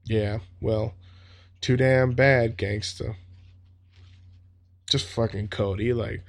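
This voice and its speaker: Male reader with a gravelly, fry-laced voice reads a story aloud and drops in casual, swearing commentary. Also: mid-range voice, fairly even intonation, slow, pauses often. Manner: swears freely in offhand asides.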